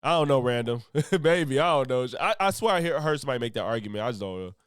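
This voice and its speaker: A man's voice: mid-range voice, animated, fast, clear, resonant tone, no echo, studio quality. A man streaming his reaction to a video, talking loosely, swearing and laughing often. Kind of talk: casual reaction commentary.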